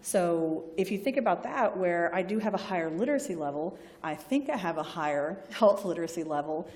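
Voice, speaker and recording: In a big-sounding room, a Southern-accented woman from a university library chats informally with students, regularly acting out doctor and patient lines. Her pitch is fairly low and a little mellow, her intonation lively, her pace brisk.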